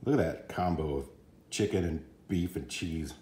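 A man casually reviewing a fast-food sandwich, hesitant and often trailing off while he chews. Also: extremely low pitch, dark tone. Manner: hesitant, trailing off and restarting as he reacts; talks while chewing at times.

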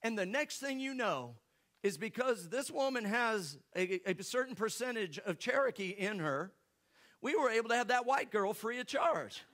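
Pastor, high voice, preaching through a story with jokes. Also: male voice, expressive, moderate pace, fairly bright tone. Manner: storytelling, joking with the congregation. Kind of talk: sermon.

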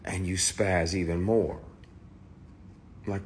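Deep-voiced man telling a raw story. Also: fairly even intonation, measured pace, pauses often, a little hiss or hum. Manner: emphatic, raw and swearing, with restarts. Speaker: actor. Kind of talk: candid personal testimony.

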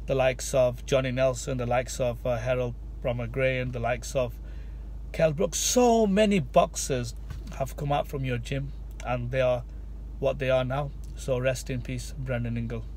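A man's voice: mid-range voice, steady tone, normal speed, darkish tone, slight background noise. A man who vlogs and runs a restaurant, speaking in a casual tribute to camera with earnest, repetitive, heartfelt phrasing. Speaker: vlogger and restaurant owner.

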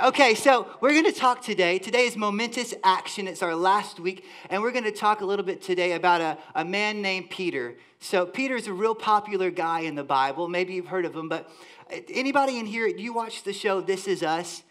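A man from the Southern United States preaching a lively, joking sermon as a church worship leader. He talks directly to the congregation. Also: high voice, fairly quick. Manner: enthusiastic, playful, talks to the congregation. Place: church sanctuary.

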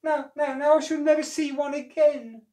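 A man doing a high, stammering little girl elf. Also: unhurried, reverberant, far from the mic. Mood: sobbing. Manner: breathless, stammering with excitement. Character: excitable little female elf.

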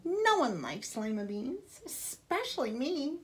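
A woman reading a picture book aloud, voicing a scared young girl in a high, loud, pleading voice. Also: sing-song, unhurried. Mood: whiny.

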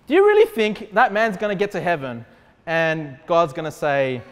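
Man, pastor, high-pitched voice, conversational sermon, rhetorical questions, long church reverb. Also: animated, moderate pace. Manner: conversational preaching, many rhetorical questions and asides. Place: church sanctuary.

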